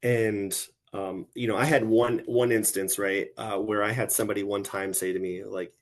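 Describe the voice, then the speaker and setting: A middle-aged man with a lowish voice talks through his thoughts on a podcast. He sounds earnest and reflective, and often drops in "like" and "right?" as he goes. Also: little pitch movement, moderate pace, hardly any pauses. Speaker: guest, retired military officer. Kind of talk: podcast conversation.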